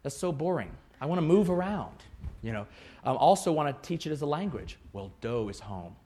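A man, a music educator, giving a lively, joking conference presentation and acting out quoted voices. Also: on the high side, a little fast.

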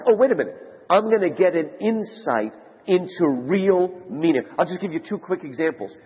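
A man giving a conference lecture to a live audience, telling stories in an animated way. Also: husky. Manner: animated storyteller, rising to high excited shouts. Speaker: conference speaker. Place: large conference hall. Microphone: handheld mic. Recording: lo-fi hall recording with long reverb.

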